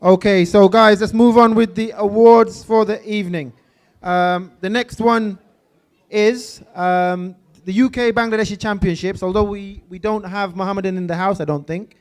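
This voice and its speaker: Brief: male event host, high voice, loose unscripted announcements. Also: fairly even intonation, moderate pace. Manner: unscripted, frequent ums and uhs. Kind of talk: presenting at an awards evening.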